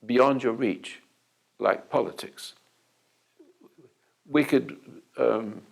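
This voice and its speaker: An older man with a gravelly, creaky voice gives a talk full of anecdotes. He often stops and starts over mid-phrase. He acts out both sides of each exchange. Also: medium pitch, poor audio. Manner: halting storyteller with restarts, acting out the dialogue. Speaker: self-help teacher.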